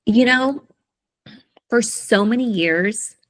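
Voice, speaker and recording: A middle-aged woman telling a personal story in an interview, soft-spoken, halting and emotional. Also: a little high. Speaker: guest, coach.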